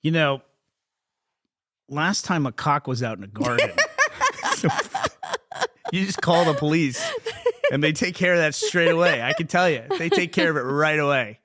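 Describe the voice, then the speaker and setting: A man's voice: a little high, big pitch swings, moderate pace, long pauses, a bit bright. A man co-hosting a casual chat show, teasing playfully and laughing often. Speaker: podcast co-host.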